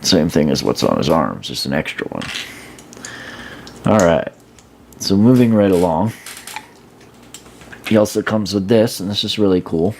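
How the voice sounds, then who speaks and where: A man's voice: deep voice, lively intonation, unhurried, vocal fry, pauses often, slight background noise. A man casually showing and reviewing an action figure, rambling with fillers and restarts. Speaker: toy reviewer. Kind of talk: casual hands-on product review.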